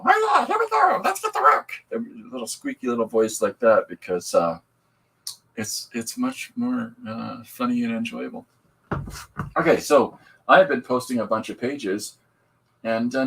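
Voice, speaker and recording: A man hosts a casual podcast livestream, rambling cheerfully and greeting viewers as they join. His voice is a little husky and sits at a middle pitch. His pitch swings up and down as he talks. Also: a bit bright, low-quality recording. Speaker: podcast host and comic artist.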